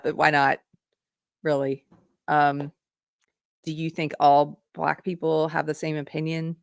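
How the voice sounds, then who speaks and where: A woman's voice: low-pitched, little pitch movement, measured pace, vocal fry, long pauses, clean tone, dry recording, clean studio sound. A middle-aged woman hosting a live commentary stream, earnestly putting rhetorical questions to her viewers. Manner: reads viewer comments aloud. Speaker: political commentary host.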